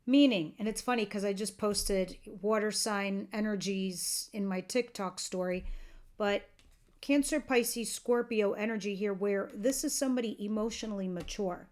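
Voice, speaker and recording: A woman does a tarot reading to camera, chatty and earnest as she addresses her viewers directly, though she seems a bit tired and yawns. Her mid-range voice has a darkish tone at a normal pace.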